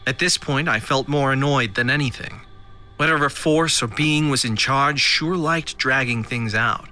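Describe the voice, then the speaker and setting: A man's voice: mid-range voice, moderate pace, sharp tone. A man narrating a scripted audio drama in a dry, first-person storytelling manner.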